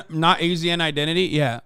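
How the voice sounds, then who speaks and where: A man's voice: a little high, brisk, sharp tone, clear, resonant tone, no room sound, clean studio sound. A young man streaming, reacting to clips with sarcastic, profane commentary and bursts of laughter. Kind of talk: casual livestream commentary.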